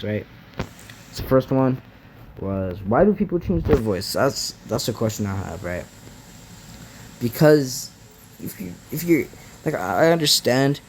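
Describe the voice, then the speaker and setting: Slow-talking young man ranting casually. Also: lowish voice. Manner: frustrated, filler-heavy, says bro a lot. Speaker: gaming YouTuber. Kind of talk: casual rambling rant. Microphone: muffled mic blocked by device case. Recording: muffled audio with faint background noise.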